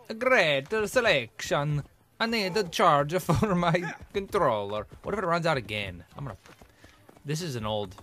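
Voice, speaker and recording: Lively grumbling male gamer. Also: fairly low pitch. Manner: grumbling, sarcastic, talks to the audience. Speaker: let's play gamer. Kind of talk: gameplay commentary.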